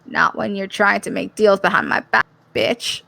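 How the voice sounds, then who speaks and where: A woman's voice: medium pitch, steady tone, moderate pace, vocal fry, pushed and bright, no room sound. Woman doing a hostile female enforcer. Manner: curt and hostile. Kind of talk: reading a game's dialogue aloud. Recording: game music underneath.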